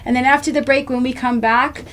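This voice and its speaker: A woman's voice: high voice, steady tone, fairly quick, a bit bright. Chatty New woman hosting. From New York. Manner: chatty, many fillers and restarts. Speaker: podcast host. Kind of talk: casual recovery talk show.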